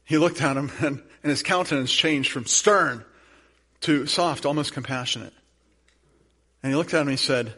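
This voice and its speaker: A man pastor giving a sermon, telling a story in a casual conversational way before leading a soft prayer. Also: mid-range voice, steady tone, moderate pace.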